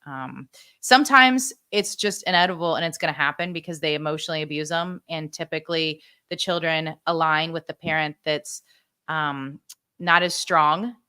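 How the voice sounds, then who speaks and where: A woman's voice: deep voice, moderate pace, sharp tone, smooth. A middle-aged woman, a podcast guest, earnestly telling her own story and giving advice to parents. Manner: earnest, heartfelt.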